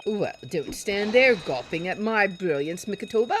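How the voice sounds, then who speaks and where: A woman voicing a pompous male gentleman detective who speaks grandly, reading game dialogue. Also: mid-range voice, lively intonation, normal speed, background noise, natural voice. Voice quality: grandiose, theatrical.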